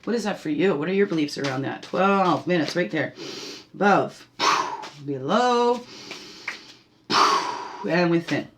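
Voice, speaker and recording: A woman's voice: on the low side, animated, a little slow, pauses often, background noise. A woman leading a spiritual guidance talk, meandering and laughing often, checking in with "right?" as she goes. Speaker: spiritual guide.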